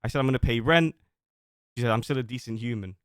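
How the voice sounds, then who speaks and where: A man's voice: mid-range voice, fast, clear, resonant tone, no room sound, clean studio sound. A man on a livestream reading out old messages and defending himself, rambling at length. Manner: defensive, rambling, reads screenshots aloud. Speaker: streamer.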